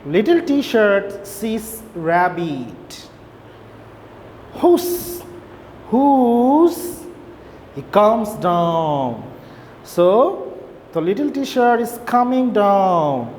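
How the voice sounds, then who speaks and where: Woman, primary teacher, very slow and simple lesson delivery; slightly high voice, reverberant room. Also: big pitch swings, a little mellow. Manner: slow, simple explanations with repeated "okay?". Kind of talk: online English lesson for young children. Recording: long reverb, faint background noise.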